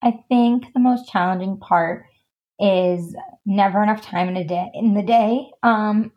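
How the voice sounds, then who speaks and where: A woman's voice: mid-range voice, unhurried, lo-fi sound. A woman guest in a casual podcast interview, chatty and full of "like" and "um" fillers. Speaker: guest, stylist and designer.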